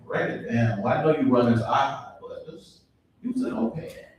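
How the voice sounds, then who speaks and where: A young man does a relaxed, chatty stand-up set, slipping in ums and asides to the audience. His voice sits at an ordinary middle pitch. It comes from a distant mic in a very echoey room, with faint noise underneath. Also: moderate pace. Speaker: stand-up comedian. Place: live comedy show in a venue.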